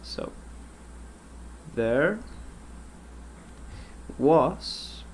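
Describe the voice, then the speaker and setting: A man teaching an English grammar lesson, patient and explanatory, repeating example sentences and pausing with ums. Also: on the high side, animated, a little hiss or hum.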